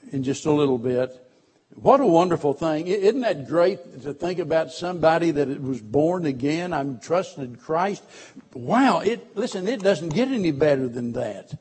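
A man preaching a sermon as pastor, telling personal stories and swinging between loud emphasis and hushed, quiet passages. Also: a little high, husky.

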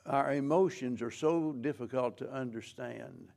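A man preaching a sermon as pastor, slow and measured, with frequent restarts. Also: mid-range voice, vocal fry, a little mellow.

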